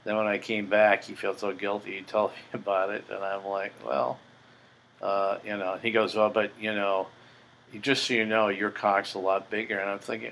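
A man's voice: on the low side, flat delivery, moderate pace, vocal fry, fairly bright tone, a little hiss or hum, rough recording. An older man hosting a podcast, telling a story in a blunt, profane, boastful way. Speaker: podcast host. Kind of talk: casual storytelling monologue.

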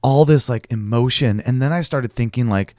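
A man's voice: medium pitch, normal speed, no room sound, studio quality. A man in his forties co-hosting a podcast, telling personal stories in a candid, joking way. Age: 40s. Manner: candid, joking, animated storyteller. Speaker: podcast co-host. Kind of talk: casual chat.

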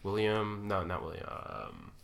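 A man with a Canadian accent hosts casual podcast banter, his low voice carrying a bright, forceful edge. He jokes, teases friends and pokes fun at himself. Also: sing-song, vocal fry, a little hiss or hum. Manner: joking, self-deprecating, quick asides. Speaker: podcast co-host.

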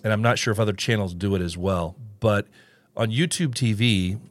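A man's voice: fairly low pitch, moderate pace, no echo. A man hosting a casual solo podcast, rambling with restarts and little chuckles as he reads live comments. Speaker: podcast host.

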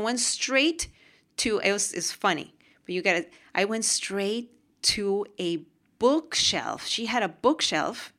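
A woman from Peru talking to camera about her own experiences, with animated, emotional storytelling. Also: mid-range voice. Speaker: host. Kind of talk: casual monologue to camera.

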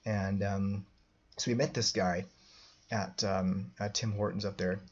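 A man's voice: lowish voice, little pitch movement, unhurried, slightly rough, muffled recording. A man telling a personal story as a podcast host, rambling with many restarts and fillers.

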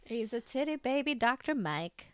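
A woman's voice: fairly high pitch, sing-song, normal speed, fairly bright tone, no echo. A woman co-hosting a podcast in casual chat, teasing and chatty, laughing often. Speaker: podcast co-host.

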